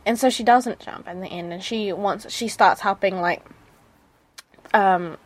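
A woman's voice: medium pitch, unhurried. Chatty New Zealand woman radio host. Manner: chatty, gushing, many fillers and restarts. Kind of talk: casual drama review. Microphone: studio mic.

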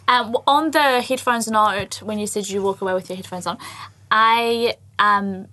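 A woman's voice: mid-range voice, moderate pace, bright, forceful tone. A young adult woman co-hosting a podcast, chatting casually and laughing often. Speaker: podcast co-host. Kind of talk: casual chat.

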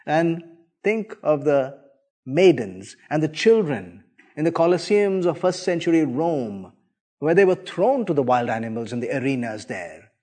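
A man preacher giving a sermon, telling the story dramatically with big swings from soft to loud. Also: fairly high pitch, very animated, moderate pace.

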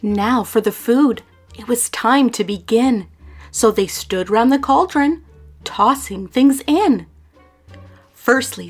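A woman reading a rhyming children's picture book aloud in a lively, sing-song way. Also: fairly high pitch. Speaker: storyteller.

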